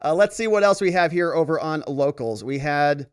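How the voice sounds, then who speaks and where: Lively, chatty male livestream host. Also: fairly high pitch, moderate pace, smooth. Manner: chatty, reads comments aloud with asides and laughs. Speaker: host reading viewer comments. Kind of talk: casual livestream chat.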